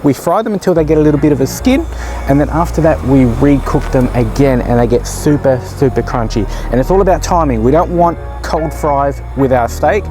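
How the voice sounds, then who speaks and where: A man's voice: mid-range voice, fairly quick, music in the background, poor audio. Chatty joking man hosting a cooking show. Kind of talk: casual cooking tutorial. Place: outdoors by a barbecue.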